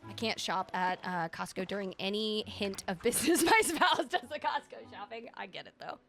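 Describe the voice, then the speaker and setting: Lively bright-voiced woman streamer chatting. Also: mid-range voice, normal speed, creaky, faint music behind. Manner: rambling, animated, laughs often. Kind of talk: casual chat to a live stream.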